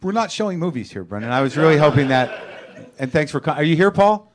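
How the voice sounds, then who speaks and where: A male podcast host with a fairly high voice runs a live taping. He is dry and teasing, nudging his guests to get on with their stories. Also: lively intonation, fast.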